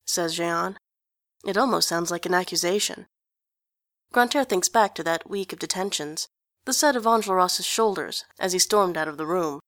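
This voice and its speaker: A woman narrating a story in an even, expressive audiobook reading. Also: fairly low pitch, a little slow, no echo, studio quality.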